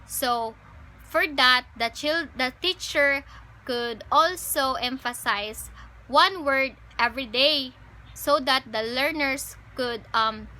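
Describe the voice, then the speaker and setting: A woman's voice: high-pitched, slow pace, bright, forceful tone, rough recording. A young woman giving a class report, explaining teaching strategies step by step with frequent ums and self-corrections. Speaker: student presenter.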